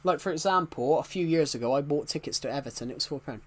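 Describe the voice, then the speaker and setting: A British man in his twenties with a husky, higher voice talks quickly while live-streaming a football video game. His chat is casual, with frequent restarted sentences and chuckles.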